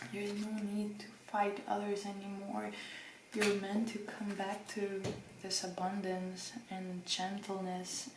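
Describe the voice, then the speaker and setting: A woman hosting a pick-a-card tarot reading, speaking gently and reassuringly to the viewer with emotion. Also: medium pitch, roomy sound, slight background noise, poor audio. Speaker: tarot reader.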